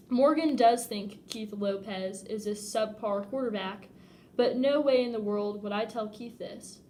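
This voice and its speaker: A woman reading a novel aloud in first person, expressive and often laughing at the text. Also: medium pitch, measured pace, a little hiss or hum. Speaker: audiobook reader.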